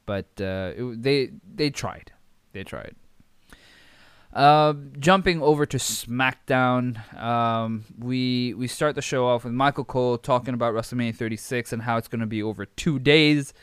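Young male podcast host, casual rambling recap style, clear voice, dead-dry recording. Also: mid-range voice, normal speed, few pauses, no room sound. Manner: rambling, filler-heavy, amused.

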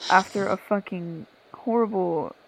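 A woman's voice: mid-range voice, unhurried, gravelly, no room sound, poor audio. A young woman co-hosting a podcast, telling a story in casual chat with lots of swearing and laughter.

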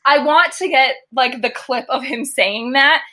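Young woman co-host, chatty and giggly, bright tone. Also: sits high, measured pace. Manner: chatty, laughs often, acts out quotes. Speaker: podcast co-host. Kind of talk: casual chat recapping a TV episode.

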